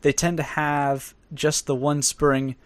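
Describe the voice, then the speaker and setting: A man's voice: a little high, little pitch movement, a little slow, dry recording. A young man co-hosting a podcast in casual chat, rambling and laughing often as he talks. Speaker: podcast co-host.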